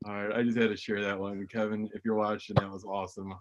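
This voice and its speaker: A man's voice: fairly low pitch, flat delivery, fast talker, dull audio. A man hosting an online open mic over a video call, telling a story between laughs and bringing up the next comic. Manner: chatty, laughing storyteller who introduces acts.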